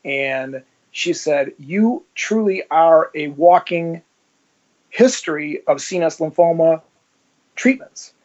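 Storytelling man, slightly high voice. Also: slow pace. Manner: animated storyteller acting out quoted dialogue. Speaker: interview guest, former police officer. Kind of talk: casual storytelling. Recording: slightly muffled lo-fi audio.

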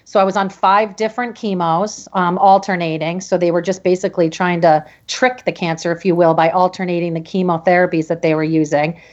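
A middle-aged woman from Connecticut, a podcast guest, telling a personal story in a halting way with many restarts. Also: lowish voice, fairly even intonation, darkish tone, lo-fi sound. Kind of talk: emotional personal interview storytelling.

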